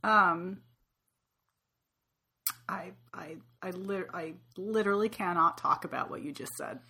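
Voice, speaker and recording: Bright-voiced woman hosting a chatty podcast. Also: on the low side, measured pace, breathy edge. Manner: loose and joking, with casual swearing. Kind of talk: casual book-club podcast chat.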